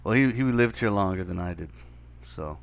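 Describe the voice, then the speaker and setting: Distracted man muttering over software. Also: low-pitched, animated, normal speed, gravelly, smooth, dry recording. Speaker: podcast co-host. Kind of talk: casual chat.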